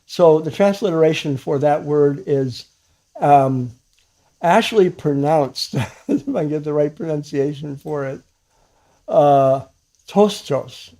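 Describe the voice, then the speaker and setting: Speaking to the camera in a relaxed spiritual talk, a man who teaches Christianity stumbles along with fillers and restarts, chuckling softly now and then. His voice sits on the higher side.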